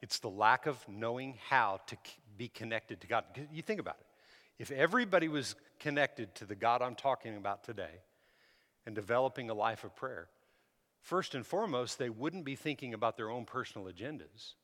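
A man preaching a sermon, shifting from relaxed storytelling to loud, emphatic exhortation. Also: mid-range voice, fairly quick. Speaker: pastor. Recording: hall reverb.

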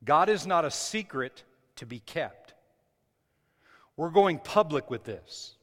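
A man's voice: a little high, expressive, slow pace. A male pastor preaching a sermon in a church, emphatic, often restarting his phrases. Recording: hall reverb with faint music.

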